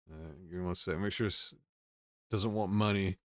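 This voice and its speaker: Low-ish guy riffing on news, dry close sound, keeps chuckling to himself. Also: no echo. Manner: wry, chuckling asides while reading articles aloud. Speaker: host. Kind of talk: casual news commentary stream.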